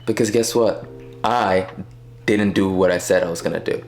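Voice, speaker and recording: Brief: young male vlogger, low-pitched, emphatic and direct, with light guitar music behind. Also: normal speed, darkish tone. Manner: direct, emphatic, addresses viewer as bro. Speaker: self-improvement vlogger. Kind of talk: casual storytelling, advice to viewers. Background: faint guitar music.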